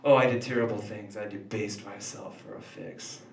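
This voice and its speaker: A man's voice: fairly low pitch, steady tone, moderate pace, slight background noise, voice pushed down, natural voice. A man playing a sheepish demon in recovery. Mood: confessional. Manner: sheepish, confessional. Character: male demon confessing at a recovery meeting. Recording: echoey room from far off.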